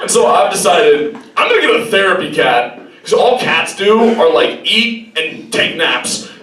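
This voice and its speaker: A young man performing a stand-up set, deadpan storytelling broken by sudden high-pitched voices. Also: measured pace. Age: young adult. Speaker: student stand-up comedian. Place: campus hall before a live audience. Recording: roomy live hall, distant mic, audience laughter. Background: audience laughing.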